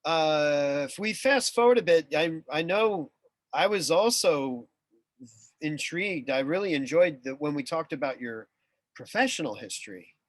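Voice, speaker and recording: A man hosting an interview, speaking in a halting way with many restarts. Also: on the high side, expressive, no room sound. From USA. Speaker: interview host. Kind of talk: casual interview chat.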